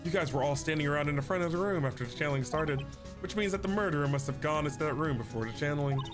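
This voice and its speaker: A man voicing a calm, knowing woman lawyer and mentor in his near-own voice, over game music. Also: a little high, very fast, lightly acted.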